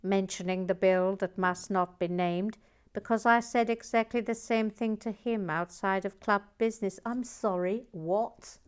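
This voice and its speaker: Woman chatting away while building lego, playful mock outrage, dips to whispers, mid-pitched. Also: fairly even intonation, measured pace, smooth. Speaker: host building a LEGO set. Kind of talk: casual live chat while building.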